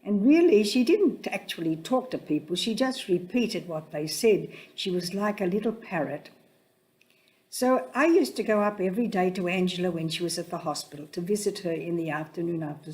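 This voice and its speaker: An older woman, a religious sister, gently telling a story about a child for young listeners, slow and soft, dropping her voice low for quoted words.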